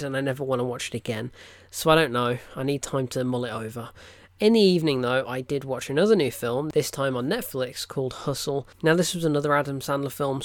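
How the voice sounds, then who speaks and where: A man's voice: medium pitch, no room sound. A man reviewing films in a casual, rambling vlog, full of "look" and "right?" asides. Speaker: film reviewer. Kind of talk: casual weekly film diary vlog.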